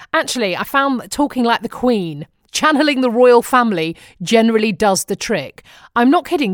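A woman from Manchester talks with a Northern English accent in a casual diary vlog, chatty and wryly funny. Her voice sits at a middling pitch, and the sound is close and dry with no room echo. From Manchester, England. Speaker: vlogger.

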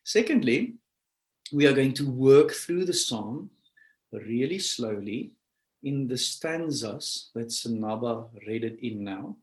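A man preaching a sermon, earnest and animated, stretching key words as he speaks. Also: medium pitch, takes it slowly, reverberant, low-quality recording. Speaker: pastor.

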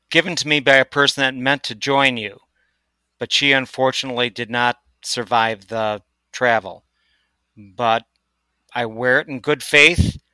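A man playing a bold human warrior who speaks in an earnest, measured, firm way. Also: mid-range voice, pushed and bright, clear, resonant tone.

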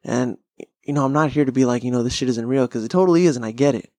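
A young man hosting a podcast, ranting casually in a profane, rambling, animated way into a close mic. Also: medium pitch, racing, dry recording. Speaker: podcast host.

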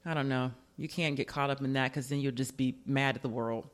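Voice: medium pitch, fairly even intonation, fairly quick. A radio show host in casual commentary, chatty and joking, firing off rhetorical questions.

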